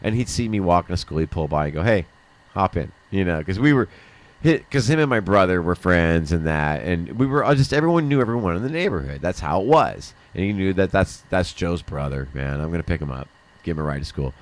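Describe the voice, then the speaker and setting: A man's voice: low voice, expressive, quick pace. A middle-aged man hosting a livestream, telling a rambling personal story in casual chat, often laughing and swearing. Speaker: livestream host.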